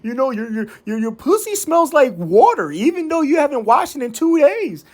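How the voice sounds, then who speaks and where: A man's voice: extremely high pitch, very animated, normal speed, voice pushed up. A man voicing a meek, doting boyfriend who gushes over his girl with stammering, over-sweet words. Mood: gushing.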